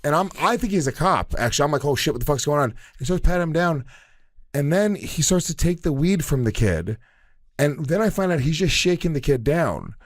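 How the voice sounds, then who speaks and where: A man's voice: fairly high pitch, expressive, brisk, no echo, studio quality. A man co-hosting a podcast, telling stories in a laid-back, swearing, casual chat. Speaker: podcast co-host, comedian.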